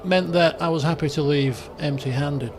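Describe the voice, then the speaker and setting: A man's voice: a little high, normal speed, noisy background. A man hosting a game roleplay, reading story passages and chatting offhand in a rambling way, often restarting his sentences. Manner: switches between reading story text and offhand chat. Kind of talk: casual let's-play roleplay narration.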